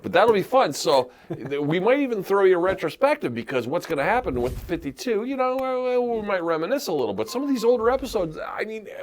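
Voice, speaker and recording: A sick man with a cough banters on a podcast in a fairly high voice that swoops up and down a lot. He jokes and teases his co-host, sounding playful even with the cold. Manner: jokey, lively, playful teasing. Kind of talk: casual banter.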